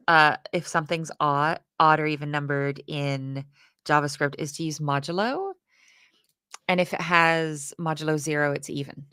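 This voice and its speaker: A woman chatting casually through a coding lesson, self-deprecating and quick to laugh. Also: low-pitched, steady tone, pushed and bright, clear, resonant tone, no room sound, clean studio sound. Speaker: co-host learning to code. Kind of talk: casual live coding chat.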